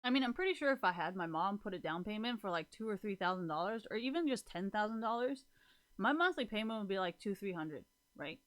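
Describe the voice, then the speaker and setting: Bright-voiced woman venting about debt. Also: medium pitch, lively intonation, quick pace. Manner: frank, profane and exasperated, rambling with restarts. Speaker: vlogger. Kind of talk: casual venting monologue.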